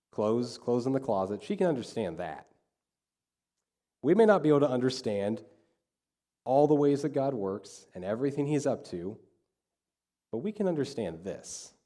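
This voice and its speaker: A man's voice: mid-range voice, dark tone. A male pastor preaching a sermon, telling a story and acting out the quoted dialogue.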